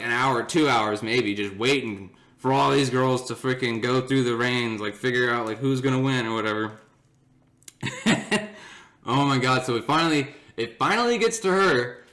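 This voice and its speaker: A man's voice: mid-range voice, fairly bright tone. A young man hosting his own podcast, telling a story casually and animatedly, laughing often and acting out his friends' voices. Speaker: podcast host.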